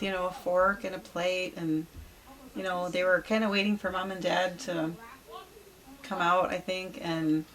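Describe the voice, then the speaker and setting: A woman, a mother in a family vlog, talking gently and softly in a casual chat. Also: medium pitch.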